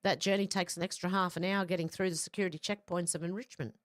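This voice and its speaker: A woman's voice: fairly low pitch, fairly even intonation, quick pace, no room sound, clean studio sound. A woman hosting a livestream, reading viewer comments aloud and adding short, casual reactions of her own. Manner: reads comments, then adds brief casual reactions. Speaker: livestream host.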